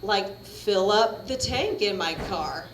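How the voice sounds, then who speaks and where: A woman's voice: medium pitch, lively intonation, takes it slowly, slight background noise. Brash profane woman doing stand-up. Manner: brash, profane, chatty, laughing at own jokes. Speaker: stand-up comedian. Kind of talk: stand-up comedy set. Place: comedy venue at a coffee shop. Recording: roomy live stage recording with crowd. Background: audience laughter.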